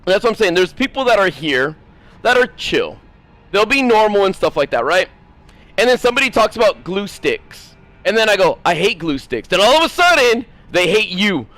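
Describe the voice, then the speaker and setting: A man with a high-pitched voice streams a game and rants at his chat. He rambles, swears freely and slips into quick mimicry of others. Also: a bit bright, dry recording. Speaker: gaming streamer. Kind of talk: casual stream rant.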